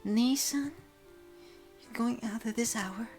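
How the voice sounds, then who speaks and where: A man voicing an anxious, formal younger sister with a soft, pleading manner. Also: very high voice, slow pace, faint music behind, pitched above the performer's own voice, heavily acted. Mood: worried pleading.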